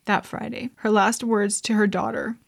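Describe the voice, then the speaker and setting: A woman's voice: medium pitch, flat delivery, moderate pace, gravelly. A woman hosting a podcast, chatting casually and reading a story aloud, rambling and laughing often. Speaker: podcast host.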